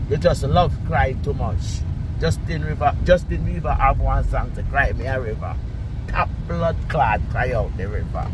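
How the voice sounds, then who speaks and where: A man in his sixties with a Jamaican accent, ranting and scolding in a repetitive vlog monologue, swinging between loud outbursts and low muttering. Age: 60s. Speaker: vlogger. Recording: street traffic noise behind. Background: passing cars.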